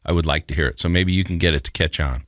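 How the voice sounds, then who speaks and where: Low-voiced male psychologist co-host. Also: fast, a bit bright, dry recording, clean studio sound. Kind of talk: casual podcast discussion.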